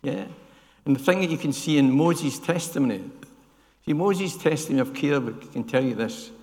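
An older man delivers a sermon in a church, his voice gravelly. He keeps turning to the congregation with questions and little "yeah?" checks. The sound carries a long reverb from the hall. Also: fairly high pitch, animated, normal speed, darkish tone. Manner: asks the congregation questions, adds "yeah?" tags. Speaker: preacher.

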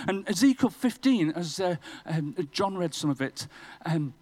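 A man's voice: high voice, expressive, moderate pace, few pauses, darkish tone, rough recording. A man preaching a sermon in a church, telling a personal story with self-deprecating humour.

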